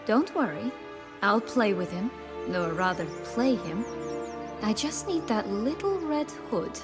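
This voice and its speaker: A woman's voice: medium pitch, big pitch swings, unhurried. An actress playing a sly, scheming young noblewoman in a video game, teasing and commanding. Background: game music.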